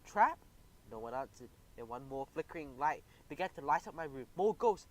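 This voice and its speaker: A man narrating a children's audiobook in the first person, animated and expressive. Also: mid-range voice, a little fast, low-quality recording.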